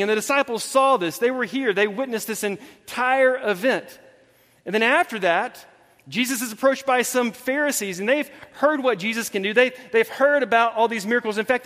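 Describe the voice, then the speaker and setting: Guy pastor preaching, acts out the bible dialogue, lots of life in it, echoey church. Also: very high voice. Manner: animated storytelling, acts out dialogue. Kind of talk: sermon. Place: church hall with congregation.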